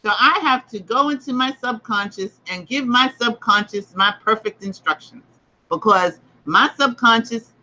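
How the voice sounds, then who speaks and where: A woman's voice: on the high side, moderate pace, bright, forceful tone, highs cut off. A woman hosting a livestreamed spiritual book discussion, emphatic and repetitive as she makes her points. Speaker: host.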